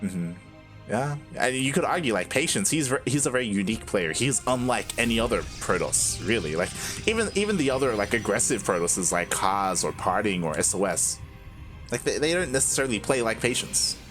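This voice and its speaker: A man's voice: on the low side, sing-song, brisk, a bit bright, soft background music. A man casting a live video game match in a casual, chatty way, with lots of fillers and frequent laughs. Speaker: esports caster.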